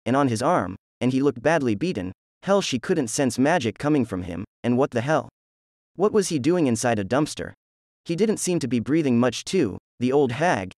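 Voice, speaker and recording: A man narrating a fan fiction story in a plain, steady reading voice with offhand asides. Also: medium pitch, no echo, studio quality.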